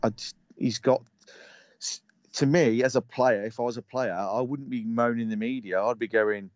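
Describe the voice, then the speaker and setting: A man gives his opinions as a co-host, stumbling over the first words before pressing his point. He comes through a dull, lo-fi call line with a flat, dry sound and no room at all. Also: mid-range voice, brisk, dry recording. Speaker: co-host and pundit. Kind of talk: casual opinionated chat.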